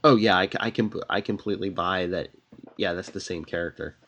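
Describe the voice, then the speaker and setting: A man's voice: sits low, a little fast, fairly bright tone. A man co-hosting a podcast, chatting casually and musing in rambling, restarting sentences. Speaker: podcast co-host. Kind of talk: casual TV review chat.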